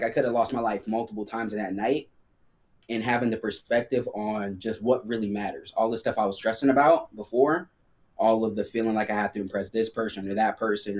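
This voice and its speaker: A man's voice: lowish voice, a little mellow. A man guesting on a podcast, telling a personal story in a casual, slangy way full of fillers.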